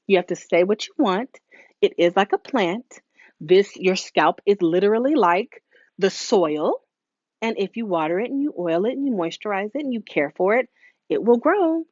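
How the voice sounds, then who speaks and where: Woman, live talk host, hair stylist, preachy, lively swooping pitch, dry dull lo-fi sound. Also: moderate pace, no room sound. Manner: preachy and animated, acts out quoted voices; casual, with many fillers and asides.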